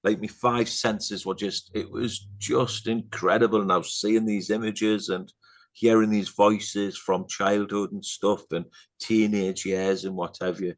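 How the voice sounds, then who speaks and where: An English man in middle age, appearing as a guest on a podcast, tells a story in relaxed conversation. He meanders through fillers and side remarks, frequently sinking into a quiet, earnest tone, and his fairly low voice stays flat and unhurried.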